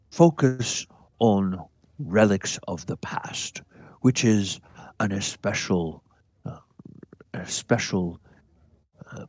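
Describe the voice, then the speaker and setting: A man voicing a wise old stone giant professor who speaks in a slow, measured, lecturing way. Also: low voice, no echo. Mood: courteous.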